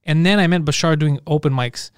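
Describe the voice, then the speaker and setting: A man's voice: on the high side, brisk, clear, resonant tone, no echo, clean studio sound. A man hosting a casual podcast, telling stories in a rambling, profane way. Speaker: podcast host.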